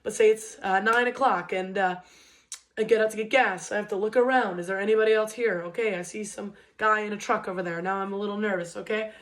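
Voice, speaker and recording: A woman's voice: medium pitch, steady tone. A woman in her twenties giving a casual motivational talk, conversational, often checking in with "okay?" and "right?" and restarting her sentences. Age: 20s. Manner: restarts sentences and uses many fillers, pace swings between quick and slow. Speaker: educator and motivational speaker.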